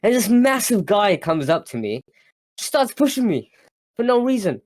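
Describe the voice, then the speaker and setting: Male podcast co-host, light higher voice, dry close mic, laughs at himself. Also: big pitch swings, normal speed, darkish tone, no echo. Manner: laughing, self-mocking storyteller. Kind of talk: casual chat.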